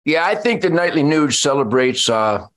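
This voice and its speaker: A man's voice: on the high side, big pitch swings, normal speed, a bit bright. An older man talking emotionally on a podcast, close to tears, listing words in long heartfelt runs. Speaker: musician and show guest.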